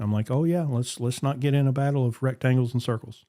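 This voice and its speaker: A man's voice: mid-range voice, fast talker. A man, hosting a podcast and telling a story in casual chat, acting out the voices he quotes. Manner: animated, acts out quoted voices. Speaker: podcast host.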